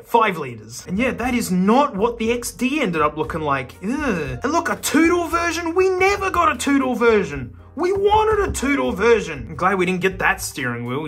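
A man's voice: sits high, husky. A man with an Australian accent, chatting casually and laughing as he reacts to an old car magazine. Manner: laughing, excitable, jokey asides. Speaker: YouTube host. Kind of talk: casual commentary while flipping through an old car magazine.

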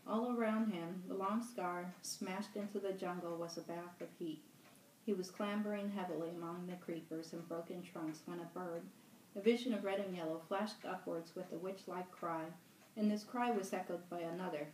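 Woman library director reading a novel aloud, steady, echoey and distant. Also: lowish voice, moderate pace, a little hiss or hum. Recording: roomy room, mic at a distance.

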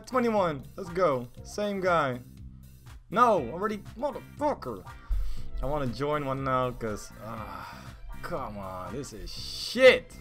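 A man giving casual, excitable commentary while betting on a game, swearing often and swinging from mumbles to yelling. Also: mid-range voice, takes it slowly, faint music behind. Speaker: gaming YouTuber.

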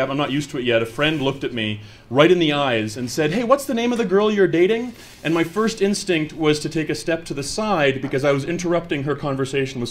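Self-mocking stand-up comedian. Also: male voice, medium pitch. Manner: chatty, self-mocking, acts out quoted voices. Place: comedy stage before a live audience. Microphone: handheld mic.

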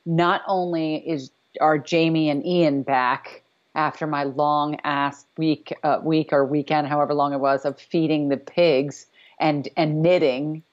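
Low-voiced woman rambling on a video call. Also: steady tone, a little slow. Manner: chatty, rambling, many fillers and restarts. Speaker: podcast co-host. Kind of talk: casual recap chat over a video call. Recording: dull lo-fi call audio.

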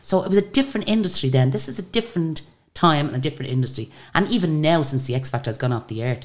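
Lively low-voiced Irish woman storyteller. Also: quick pace. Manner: chatty, lively storyteller with frequent restarts. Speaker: interview guest, singer. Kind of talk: casual storytelling interview.

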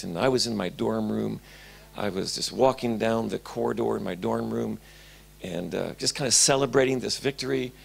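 Male pastor, sermon storytelling: high, gravelly, very lively pitch. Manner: animated storytelling, swinging between loud and hushed. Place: church.

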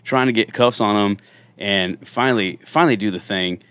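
A man in his thirties spins lively, jokey stories from his police days. He acts out every quoted line with a rising, playful voice. His voice sits a touch low and the sound is close and dry. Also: normal speed, clean tone, no echo. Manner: animated, jokey storyteller who acts out quotes. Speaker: country singer and former police officer. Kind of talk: casual storytelling in a podcast interview.

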